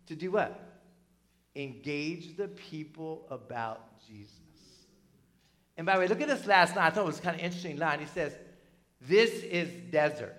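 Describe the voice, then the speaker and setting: A middle-aged man from New Jersey preaching a sermon in a conversational, animated way, full of asides and tag questions. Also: high voice. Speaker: pastor.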